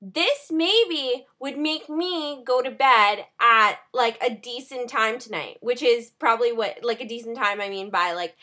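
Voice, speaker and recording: Young woman vlogger, high bright voice, chatty and animated, running on little sleep. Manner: animated, talks fast with many "like" and "okay" fillers. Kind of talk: casual vlog rant.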